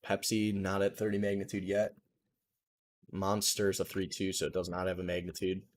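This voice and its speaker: A young man with a somewhat low voice runs a live trading stream from his desk. He talks loosely and thinks aloud, full of market jargon, into a desk mic. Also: completely flat delivery, normal speed, a little hiss or hum. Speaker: trading livestream host. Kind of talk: casual live market commentary.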